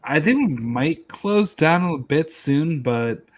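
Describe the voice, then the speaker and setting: Slow joking guy co-hosting, crude humor, trails off a lot. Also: on the high side, lively intonation. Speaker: podcast co-host. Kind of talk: casual chat.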